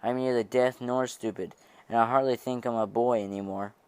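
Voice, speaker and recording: A man's voice: mid-range voice, fairly even intonation, moderate pace, clean tone, no room sound, lightly acted. A man reading as a curt defiant young man. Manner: curt, clipped replies. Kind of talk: amateur audiobook reading.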